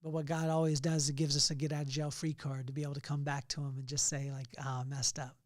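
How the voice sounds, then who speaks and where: Man, middle-aged, earnest faith-talk host, somewhat high voice, dry close sound. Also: little pitch movement, quick pace, dry recording. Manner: earnest storytelling, rising to loud emphasis. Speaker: podcast host. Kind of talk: faith-based motivational talk.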